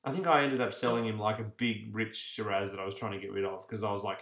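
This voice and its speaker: A man's voice: fairly low pitch, fairly even intonation, fast, a bit bright, roomy sound. An Australian man co-hosting a casual podcast chat, telling stories and laughing as he talks. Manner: chatty storyteller, laughs while talking. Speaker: podcast co-host.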